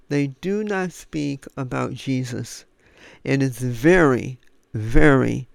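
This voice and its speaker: A man giving an earnest, emphatic recorded devotional sermon, pausing often with ums. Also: medium pitch, vocal fry, clean tone, no room sound. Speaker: Christian teacher.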